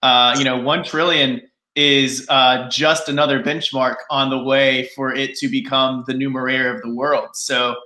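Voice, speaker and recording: A man speaking as a guest, earnest and measured in a casual panel chat. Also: mid-range voice, little pitch movement, bright, forceful tone. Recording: roomy echo.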